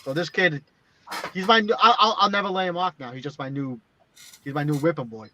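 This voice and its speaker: A man's voice: fairly high pitch, a little fast, bright, forceful tone, a little hiss or hum. A man co-hosting a casual chat, telling blunt, profane stories packed with "like" fillers. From Boston area. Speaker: podcast co-host. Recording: dull lo-fi sound.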